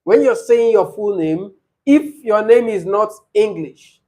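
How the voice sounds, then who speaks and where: A man's voice: high voice, animated, a little slow, mellow. A man tutoring a speaking-test session, explaining patiently and repeating his examples. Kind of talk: classroom coaching.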